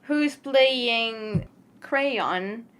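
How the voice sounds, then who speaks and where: A woman's voice: a little high, fairly bright tone, clear, resonant tone. Giggly woman podcast co-host. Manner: laughs often, talks in quick bursts with many restarts. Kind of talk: casual chat.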